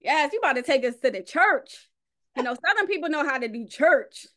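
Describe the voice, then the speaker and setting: A woman from North Carolina hosts a panel, cheering her guests on with lively interjections. Her voice sits fairly high. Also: brisk. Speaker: panel moderator. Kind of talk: hosting a panel.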